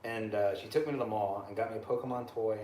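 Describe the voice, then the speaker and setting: A man's voice: fairly low pitch, fast talker. A man chatting casually as a podcast co-host, swearing freely and telling stories with animation. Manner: profane, animated storyteller. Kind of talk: casual chat. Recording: echoey room with faint noise.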